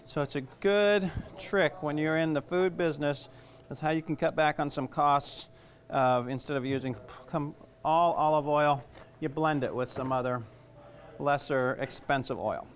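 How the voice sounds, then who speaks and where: A man's voice: on the high side, measured pace. A middle-aged man with a Southern US accent, a chef giving a casual cooking demonstration, chatty and rambling with jokes at his own expense. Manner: chatty, rambling, self-joking.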